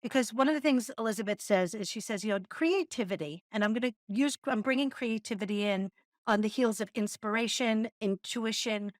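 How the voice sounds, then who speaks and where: A middle-aged woman co-hosting a podcast, chatting candidly, laughing often and telling stories in a lively way. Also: fairly high pitch, a little fast, no echo, studio quality. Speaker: podcast co-host. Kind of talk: casual conversational storytelling.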